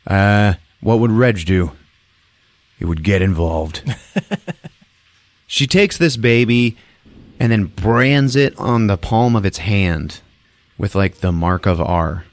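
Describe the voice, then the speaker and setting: A man hosting a podcast, retelling a movie in a jokey, laughing, animated way. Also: on the low side, takes it slowly, dry recording. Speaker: podcast host. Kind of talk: casual movie recap.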